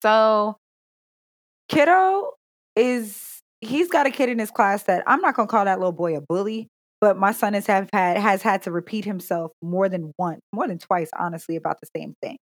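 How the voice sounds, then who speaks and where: Woman, podcast co-host, casual chat, animated, profane, dry recording. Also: medium pitch, moderate pace, no echo. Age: adult parent.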